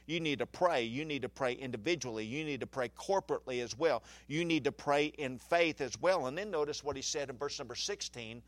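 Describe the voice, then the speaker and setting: A pastor preaching a folksy sermon in church, with humorous asides and questions to the congregation. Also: male voice, medium pitch, no echo.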